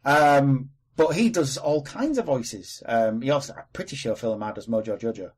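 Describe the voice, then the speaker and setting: Husky chatty Welsh podcast man. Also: mid-range voice, expressive, moderate pace. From Wales. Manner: chatty, opinionated, swears casually. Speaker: podcast co-host. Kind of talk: casual chat.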